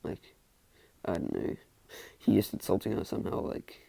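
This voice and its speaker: A man with a low, heavily gravelly voice tells a made-up story off the cuff. He rambles and restarts, leaning on filler words, and his tone is husky and a little rough. The sound is close and dry, with no room around it. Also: huge pitch swings, normal speed, long pauses, dark tone, no room sound. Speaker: fan fiction storyteller. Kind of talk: casual improvised storytelling.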